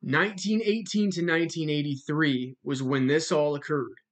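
A speaker giving a religious monologue in a measured way, spelling out words letter by letter and repeating them for emphasis. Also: medium pitch, steady tone. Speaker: religious video narrator.

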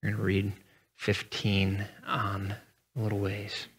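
A man's voice: fairly low pitch, monotone, a little slow, a bit bright, breathy edge. A male pastor delivering a conversational sermon, reading scripture with dramatic emphasis and speaking casually between readings.

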